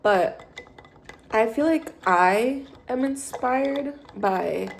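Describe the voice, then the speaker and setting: A woman's voice: on the high side, lively intonation, very slow, creaky, a little hiss or hum. A tired, hungover woman in her twenties chatting casually while she makes coffee at home, rambling with lots of fillers and self-corrections. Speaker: vlogger. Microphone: phone held low.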